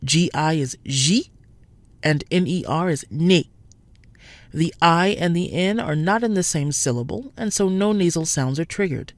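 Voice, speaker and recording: A woman narrating a scripted French pronunciation lesson, speaking clearly and slowing down to model each sound. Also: lowish voice, dry recording.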